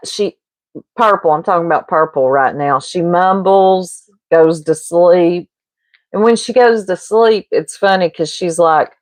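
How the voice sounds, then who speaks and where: A woman's voice: lowish voice, no room sound. A woman livestreamer chatting casually into her mic, gossiping, rambling and laughing often as she answers chat. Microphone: streaming mic.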